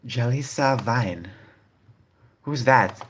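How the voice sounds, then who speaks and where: A man's voice: medium pitch, drawn-out words, fairly bright tone, slight background noise. A man hosting a casual video, commenting on online posts in a rambling way that repeats phrases. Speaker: video host.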